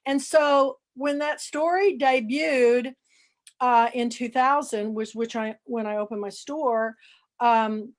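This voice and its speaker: A woman in her sixties, an interview guest, telling lively anecdotes and acting out what people said. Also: on the high side, slow. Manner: lively anecdotal storyteller, acts out quoted dialogue. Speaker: author and book club founder, interview guest. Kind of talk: casual storytelling interview.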